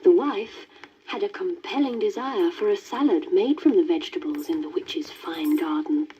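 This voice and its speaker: A woman reading a children's storybook aloud in a gentle, lilting manner. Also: mid-range voice, expressive, moderate pace. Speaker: story reader. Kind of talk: scripted storybook narration. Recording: dull worn vinyl record with faint hiss.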